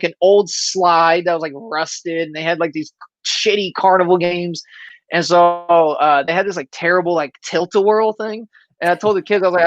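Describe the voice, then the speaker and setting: A man's voice: high-pitched, no room sound. Storytelling man on a dull lo-fi line. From Florida. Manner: lively anecdote-telling, acting out quoted lines. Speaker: stand-up comedian guest. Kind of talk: casual storytelling chat.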